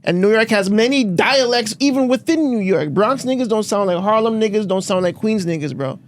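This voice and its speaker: A man's voice: high voice, animated, brisk. A man with a Toronto accent on a podcast, chiming in to back up points and adding his own. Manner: agreeable, interjects with backing remarks. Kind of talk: podcast debate.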